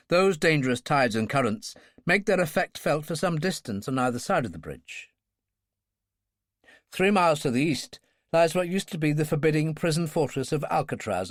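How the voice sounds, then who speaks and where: A man narrating a thriller audiobook in a measured, expressive storytelling manner. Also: mid-range voice, dry recording, clean studio sound.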